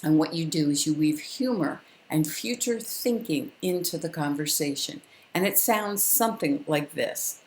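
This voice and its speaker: Older lady giving a parenting lesson, calm and firm, lowish voice, echoey room. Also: a little hiss or hum. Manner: calm, firm and instructive, with deliberate pauses. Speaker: parenting educator. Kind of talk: direct-to-camera parenting lesson.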